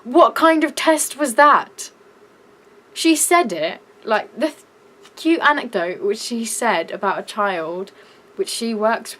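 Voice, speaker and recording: A young woman with a British accent ranting in a vlog, shouty and exasperated. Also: a little high, low-quality recording. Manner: shouty, exasperated, breaks into laughs. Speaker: vlogger.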